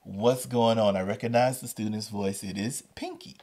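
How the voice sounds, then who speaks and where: A man hosting a storytelling podcast, telling a story with lively delivery and acting out the voices. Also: on the low side, moderate pace. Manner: animated, acts out the voices in his story. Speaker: podcast host and educator.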